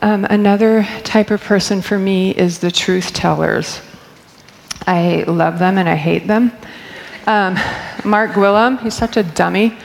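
A woman's voice: medium pitch, steady tone, measured pace, creaky. A middle-aged woman on church staff telling personal stories in a candid, chatty way, laughing often. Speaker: church staff member speaking. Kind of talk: personal storytelling talk. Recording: long hall reverb.

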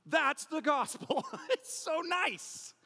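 A pastor preaching a sermon in an animated, conversational way with playful asides. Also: male voice, very high voice, takes it slowly, big-room sound.

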